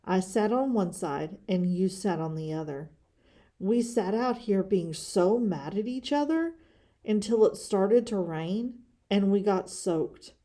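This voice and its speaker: A woman reads a wise young girl bear cub from a picture book. She is gentle and coaxing, with a low, mellow tone. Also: lively intonation, slow.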